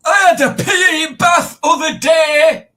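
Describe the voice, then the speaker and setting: A man putting on a high, shouting voice for a joking woman, read off in a hammy funny voice. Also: fairly even intonation, measured pace, heavily acted. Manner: shrieking, hammy.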